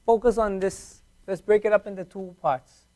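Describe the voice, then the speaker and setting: Man, high voice, classroom teacher, patient, repeats words slowly. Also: steady tone, mellow. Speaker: Arabic teacher. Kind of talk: classroom language lesson.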